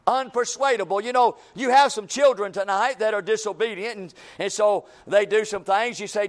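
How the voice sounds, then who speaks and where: A man's voice: high voice, moderate pace, few pauses. A man preaching a sermon, folksy and repetitive, building to emphatic calls and acting out everyday scenes.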